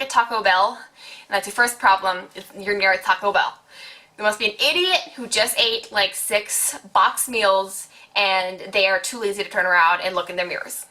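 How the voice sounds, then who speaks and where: A woman in her late teens telling a casual storytime on her vlog, chatty and animated, full of "like". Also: mid-range voice. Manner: chatty, heavy use of "like", animated retelling. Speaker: vlogger.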